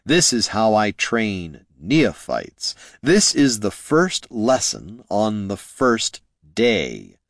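A man's voice: fairly low pitch, dry recording, clean studio sound, heavily acted. A man doing a stern, impassive wizard. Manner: slow, flat, curt commands.

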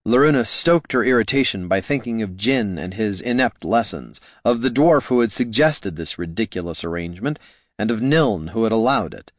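A man reading a fantasy novel aloud in an expressive storytelling manner. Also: on the low side, moderate pace, dry recording, clean studio sound. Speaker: narrator. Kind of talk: fantasy audiobook narration.

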